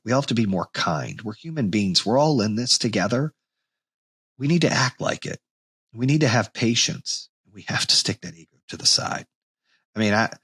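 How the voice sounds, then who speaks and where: Husky blunt-talking man. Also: on the low side, no room sound. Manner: blunt, swears casually, animated when reenacting anger. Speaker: podcast host. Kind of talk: motivational monologue.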